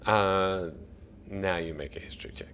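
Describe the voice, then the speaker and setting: A man with an Australian accent running a tabletop game as dungeon master, relaxed and quick to laugh as he narrates and calls for rolls. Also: low-pitched, noisy background.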